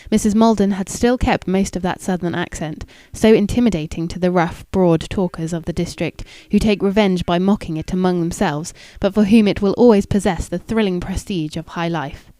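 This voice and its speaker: A woman narrating a classic novel in a measured, even and formal reading. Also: on the low side, dry recording. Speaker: audiobook narrator.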